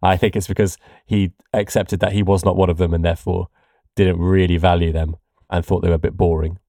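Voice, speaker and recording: Low-voiced man, dry podcast sound. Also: little pitch movement, fairly quick, gravelly, warm tone, no room sound. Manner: explains with asides and laughs. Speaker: podcast co-host. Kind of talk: casual podcast chat about poetry.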